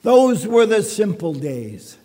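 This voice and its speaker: A man's voice: high-pitched, big pitch swings, takes it slowly, dark tone, long reverb tail. A man preaching a sermon as pastor, speaking conversationally and dropping quips and asides to the congregation.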